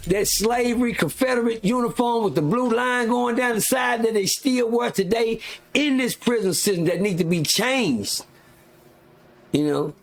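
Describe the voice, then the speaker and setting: On his live stream, a man with a gravelly voice that sits high launches into a casual rant. He is heated and profane, rambling on and constantly restarting and using fillers.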